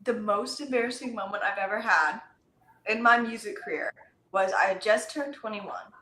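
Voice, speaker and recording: A woman in her twenties, a singer, telling stories in a casual interview, animated and giggly, heard over a video call in an echoey room. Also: medium pitch, moderate pace. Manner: animated, giggly, quotes herself in voices. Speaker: singer guest.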